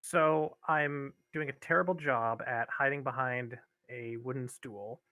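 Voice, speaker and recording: A man playing a tabletop game, hesitant and halting. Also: mid-range voice, sharp tone, no echo. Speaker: player.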